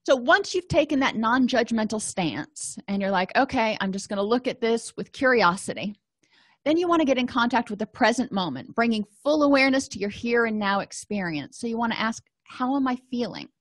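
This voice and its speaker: A woman's voice: a little high, lively intonation, brisk, no echo. A woman counselor giving an educational lecture, explaining in a conversational way with everyday examples and quoted self-talk. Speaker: counselor and trainer.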